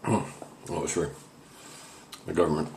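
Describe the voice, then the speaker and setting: A man's voice: very deep voice, steady tone, unhurried, creaky, a little mellow, echoey room, slight background noise. A man hosting a spoof paranormal investigation, rambling and faking panic and awe. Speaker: host of a mock paranormal investigation. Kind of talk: comic mock-serious ghost hunting.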